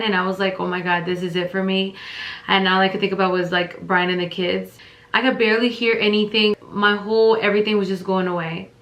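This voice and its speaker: A woman chats through a casual storytime vlog. Her voice is bright and forward, and she rambles with plenty of fillers and restarts. The room around her adds a noticeable echo. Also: medium pitch. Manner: rambling, filler-heavy retelling. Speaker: vlogger. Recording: roomy echo.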